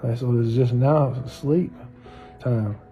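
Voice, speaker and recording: A man in a hospital room talking casually as a patient, halting and complaining. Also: medium pitch, dull audio, faint music behind.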